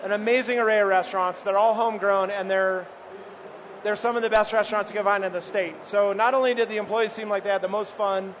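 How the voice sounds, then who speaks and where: A man's voice: high-pitched, steady tone, fast talker, fairly bright tone, a little hiss or hum, poor audio. A man, a chef, giving a live cooking demo to an audience, chatting and telling stories as he cooks. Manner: chatty, storytelling, addresses the audience.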